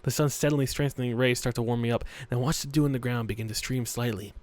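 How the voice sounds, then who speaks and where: A man's voice: mid-range voice, steady tone, fast talker, darkish tone, no echo. A man hosting a let's play, reading a visual novel aloud with crude, rambling joking asides.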